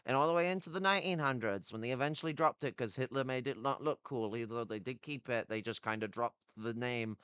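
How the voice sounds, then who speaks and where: A man's voice: mid-range voice, fast talker, hardly any pauses, a bit bright, clear, resonant tone, no room sound. An Irish man talking casually and bluntly on a livestream, swearing and laughing often. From Ireland. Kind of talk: casual political chat on a livestream.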